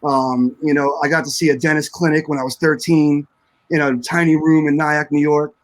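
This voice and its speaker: Casting: heartfelt guest drummer, rambling with fillers, voice a bit high. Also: male voice, flat delivery, normal speed, low-quality recording. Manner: emotional, searching for words, many fillers. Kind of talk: casual panel chat.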